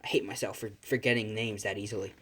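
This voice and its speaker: A man's voice: lowish voice, steady tone, quick pace, sharp tone, slightly rough. Rambling man telling a fan story. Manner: rambling, swearing, frequent restarts. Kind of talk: casual spoken fan fiction. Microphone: phone.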